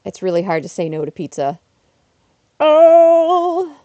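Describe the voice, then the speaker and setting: A woman chatting casually on a livestream while playing a game, self-deprecating and bursting into excited exclamations. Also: low voice, fast, dry recording, muffled recording. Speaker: streamer. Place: her apartment.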